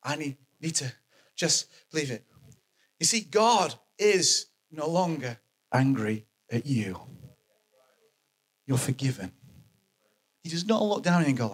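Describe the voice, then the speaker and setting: A man preaching a sermon, animated and emphatic, repeating his key phrases for effect. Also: a little high, measured pace, long pauses, slightly rough.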